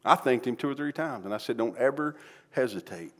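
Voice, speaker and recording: A middle-aged pastor preaching in a folksy, plainspoken way. His voice sits at an ordinary male pitch and moves between hushed, earnest stretches and sudden loud, high exclamations. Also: animated, fairly quick. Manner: folksy, swings from quiet pleading to loud exclaiming. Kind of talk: sermon. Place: church sanctuary.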